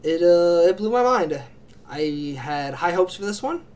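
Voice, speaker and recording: A man's voice: high-pitched, lively intonation, unhurried, darkish tone. A man hosting his own reaction channel, chatting casually and gushing through a ranking of his favorite series, rambling with lots of fillers and restarts. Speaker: anime reaction channel host.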